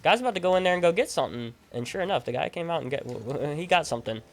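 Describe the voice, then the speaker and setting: A man's voice: fairly high pitch, fast talker. Rambling young man telling a story. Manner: rambling, animated storytelling with many fillers and restarts. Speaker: gaming streamer. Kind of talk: casual storytelling over gameplay. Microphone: desk microphone at a gaming setup.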